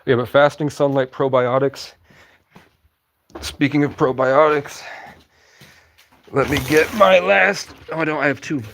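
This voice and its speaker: A young man with a fairly high voice, rambling loosely through a live stream from the woods at night and swearing casually. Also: steady tone, measured pace, gravelly, long pauses, a bit bright. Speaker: livestreamer.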